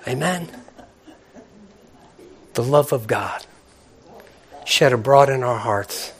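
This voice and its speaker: A man's voice: mid-range voice, slow, breathy edge. A man preaching to his congregation in a fervent, repetitive style. He circles back on the same phrases again and again. He breaks off now and then for playful asides to listeners. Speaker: pastor. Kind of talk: sermon.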